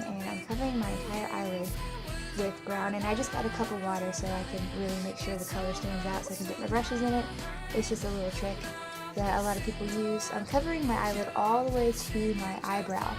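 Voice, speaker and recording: A young woman talks her way through a makeup tutorial in a relaxed, rambling way, often pausing on ums and correcting herself mid-phrase. Her pitch sits in an ordinary middle range. Music plays clearly underneath her voice. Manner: chatty, rambling, with frequent ums and self-corrections. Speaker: makeup vlogger. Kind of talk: casual makeup tutorial narration.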